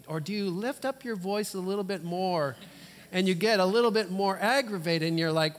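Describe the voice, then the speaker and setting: A man preaching a sermon as a guest preacher, animated and fond of rhetorical questions and playful asides. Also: high-pitched, fairly quick. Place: church sanctuary. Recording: long church hall reverb.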